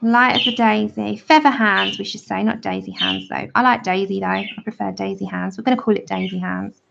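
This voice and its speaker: A woman's voice: mid-range voice, steady tone, fairly quick, creaky, background noise. A woman giving a chatty, friendly drawing tutorial on a livestream. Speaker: art tutor. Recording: dull lo-fi livestream audio.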